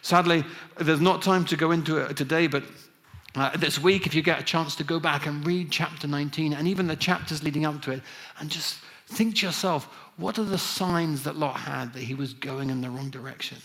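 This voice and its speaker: A man's voice: fairly high pitch, steady tone, a little fast, a bit bright. A middle-aged man from England preaching a conversational sermon, with frequent restarts and fillers.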